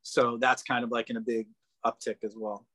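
A man chats loosely as a podcast guest, a mid-pitched voice that keeps trailing into "um" and "like." He laughs easily as he talks. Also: level tone, moderate pace, a bit bright, no room sound. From Boston area. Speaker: guest actor. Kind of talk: casual podcast interview.

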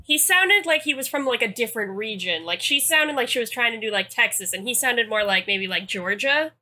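A woman's voice: a little high, expressive, fairly quick, bright, forceful tone. A woman from Massachusetts co-hosting a podcast in rambling casual chat, full of fillers. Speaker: podcast co-host.

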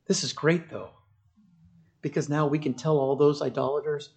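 Impassioned preacher, raised voice. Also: male voice, on the high side, fairly even intonation, normal speed, creaky, darkish tone. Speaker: pastor. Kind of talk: sermon.

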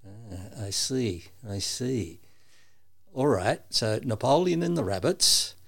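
A man's voice: fairly low pitch, lively intonation, slow, vocal fry. A man co-hosting a casual chat, playful and teasing as he muses aloud. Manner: playful, musing, teasing skeptic. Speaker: podcast co-host.

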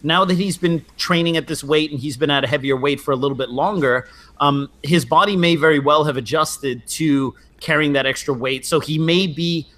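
A man in casual sports chat, talking in a measured, analytical way with frequent fillers. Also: a little high, fairly bright tone. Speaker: podcast co-host.

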